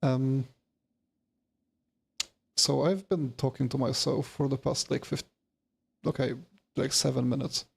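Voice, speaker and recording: A tired man chats with viewers while streaming a game after work, rambling and cursing casually. His voice is gravelly and a bit husky. He talks in a flat, worn-out tone. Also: medium pitch, unhurried, long pauses. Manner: rambling, self-deprecating, swears casually. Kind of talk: casual gaming livestream chat.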